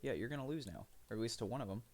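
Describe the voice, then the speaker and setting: A man's voice: medium pitch, expressive, racing, darkish tone. A man streaming live, rambling through profane, self-mocking commentary as he plays.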